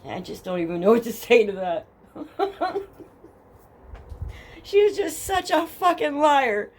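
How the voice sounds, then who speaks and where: A woman's voice: high-pitched, very animated, slow. A young woman with a New Jersey accent hosting a true crime podcast, reading case documents aloud and breaking off to mock them bluntly with lots of swearing. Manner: blunt, profane and sarcastic, reads case documents then mocks them. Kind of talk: casual true crime storytelling. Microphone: headphones with a home mic.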